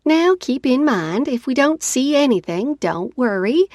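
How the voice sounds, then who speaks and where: A woman voicing a friendly woman ultrasound technician with a warm, reassuring manner. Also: high-pitched, very animated, unhurried, dry recording, clean studio sound, pitched above the performer's own voice, heavily acted.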